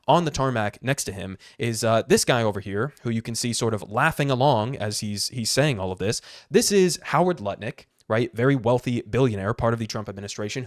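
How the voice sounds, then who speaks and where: A man hosting political commentary, with a middle-range voice and a sarcastic, incredulous edge. He sounds close to the mic in a dry space with no echo. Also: mid-range voice.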